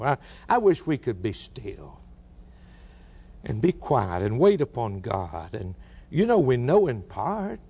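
Animated male preacher with folksy asides. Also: in a large hall. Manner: lively, rising to high emphatic peaks on quoted lines; folksy, with repeated words and asides. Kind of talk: sermon.

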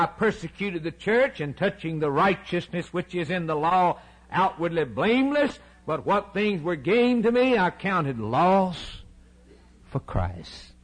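Man preaching with wild dynamic swings. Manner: dramatic swings from shouted cries to hushed, low asides; quotes scripture in old-fashioned wording. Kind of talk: sermon.

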